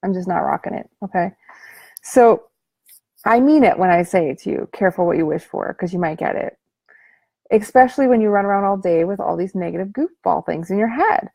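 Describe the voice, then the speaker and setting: A woman talks straight to the camera in a motivational coaching talk, loose and joking, full of slang. Her voice is mellow with a gravelly edge. The sound is close and dry. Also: medium pitch, animated, fairly quick, no echo. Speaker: life coach.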